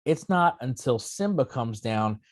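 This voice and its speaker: Relaxed man with a dry close sound. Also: mid-range voice, measured pace, no room sound. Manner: relaxed storyteller, fillers, dry jokes. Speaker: co-host. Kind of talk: casual podcast chat.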